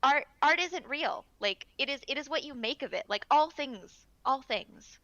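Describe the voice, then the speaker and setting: A woman's voice: sits high, expressive, normal speed, sharp tone, no room sound, lo-fi sound. A woman in casual stream chat, talking in a chatty, encouraging way with many fillers. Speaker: voice actor guest.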